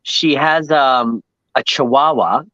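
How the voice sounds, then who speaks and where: A man from Long Island, telling a rambling, animated travel story as a podcast guest and acting out the people he met. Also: medium pitch, takes it slowly, no echo, highs cut off. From New York, Long Island. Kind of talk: casual storytelling chat.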